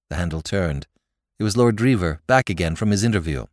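A man narrating classic fiction in a wry, expressive storytelling manner. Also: sits low, a little fast, no room sound, studio quality. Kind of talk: audiobook reading of classic fiction.

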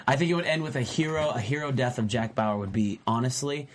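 A man's voice: medium pitch, quick pace. Panelist, man, eager and jokey, casual chat. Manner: enthusiastic, joking.

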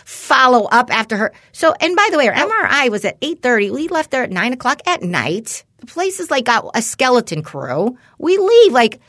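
Animated, swearing woman host. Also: sits high, normal speed, hardly any pauses, no echo, studio quality. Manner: animated, profane, exasperated retelling. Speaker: podcast host. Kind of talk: casual chat, storytelling.

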